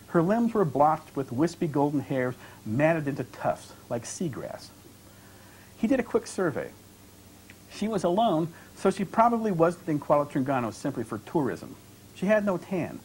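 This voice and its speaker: A male author reads his own fiction aloud to an audience, measured and expressive. His voice sits a bit high and rises and falls in a lively way, with a faint hiss behind it. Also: poor audio. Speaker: author and creative writing professor. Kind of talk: literary reading.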